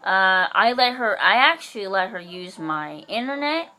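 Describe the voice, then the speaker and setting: A woman with a bright, forceful voice rants in a casual vlog. She talks bluntly and heatedly, swears freely, and acts out the sharp things she said back. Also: mid-range voice, animated, unhurried. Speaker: vlogger.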